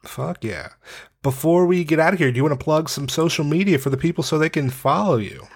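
A man's voice: fairly high pitch, fairly quick, breathy edge, no room sound, clean studio sound. A man hosting a podcast, laid-back and slangy, laughing along with his guest. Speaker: podcast host. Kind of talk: casual podcast chat.

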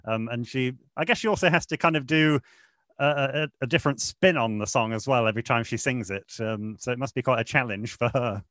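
A man talks casually about film songs, pausing often on "uh" as he thinks. His voice is mid-pitched and sits in a dry, close-up sound with no room around it. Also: a bit bright, dry recording. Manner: hesitant, many "uh" fillers. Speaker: podcast co-host.

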